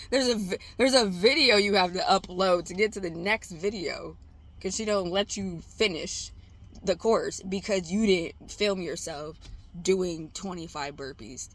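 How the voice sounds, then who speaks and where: An exhausted woman who makes trading vlogs rambles candidly at home, talking to herself in a casual vlog. Her voice is lowish with a fairly bright tone, and she swears and laughs as she goes.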